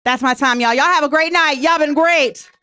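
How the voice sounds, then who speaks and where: A woman's voice: high-pitched, moderate pace, bright, forceful tone, dry recording. A woman doing a brash, profane stand-up comedy set in a comedy club, talking straight to the crowd.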